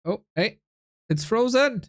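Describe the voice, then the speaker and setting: Casting a strategy game live, this young esports streamer speaks slowly, his pitch jumping animatedly as he moves between play-by-play and friendly chat. He reacts on the fly and greets people in chat mid-sentence, over a little hiss or hum.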